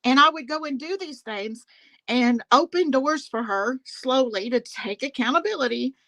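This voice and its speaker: A guest on a live talk panel launches into a casual storytelling rant, indignant, laughing often and addressing the host directly. Her expressive voice is bright and forceful, a little higher than most women's. The recording is dry and close but poor in quality.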